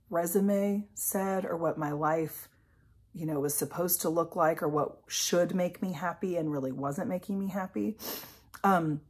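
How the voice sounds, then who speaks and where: A woman's voice: low-pitched, slightly rough. A woman life coach talking candidly in a casual, rambling way, with many fillers and the odd swear word. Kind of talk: candid personal vlog talk.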